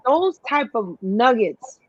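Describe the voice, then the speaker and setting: A middle-aged woman, a radio show guest, telling stories in a lively way and calling her listener honey. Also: a little high, slow pace, no room sound, muffled recording. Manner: animated storyteller, calls the listener honey. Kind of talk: casual radio conversation.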